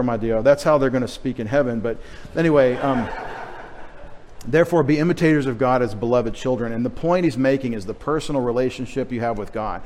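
Middle-aged pastor, faint texas twang, jokey asides mid-sermon in church, mid-pitched voice. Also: male voice, a little mellow. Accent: Texan. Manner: joking, chatty asides.

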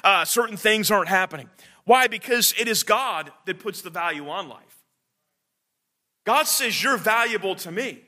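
Man, preacher, high bright voice, earnest sermon, halting fillers. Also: lively intonation.

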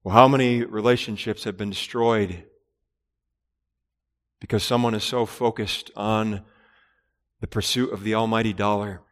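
A man's voice: on the low side, steady tone, moderate pace, pauses often, long reverb tail. A man preaching a sermon in an earnest, emphatic way, with repeated phrases and rhetorical questions. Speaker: pastor.

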